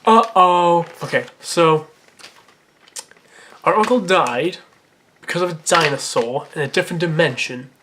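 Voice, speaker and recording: A man's voice: on the high side, unhurried, pauses often, background noise. A man reading aloud a story he wrote as a child, breaking off often for sarcastic, mocking commentary and laughter. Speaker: reader of his own childhood story. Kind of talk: comedic dramatic reading with commentary.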